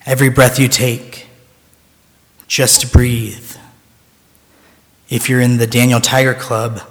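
A male preacher talks at an unhurried, deliberate pace, guiding his listeners through a calm breathing meditation within his sermon. His voice sits at an ordinary middle pitch and drops quiet on the breathing cues. The sound carries a long reverb, as in a large church sanctuary.

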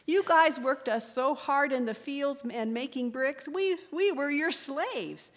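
A woman's voice: high-pitched, animated, unhurried, pitched above the performer's own voice. A woman reading aloud as a frightened, weary young husband fleeing with his family, earnest and pleading. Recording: echoey room with long reverb.

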